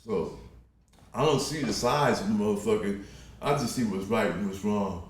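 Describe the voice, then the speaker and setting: A man in his sixties from Compton, a podcast guest telling stories in a casual, profane, animated way and laughing often. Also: fairly low pitch, normal speed, a little hiss or hum. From Compton, Los Angeles. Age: 60s. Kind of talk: casual storytelling. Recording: roomy echo.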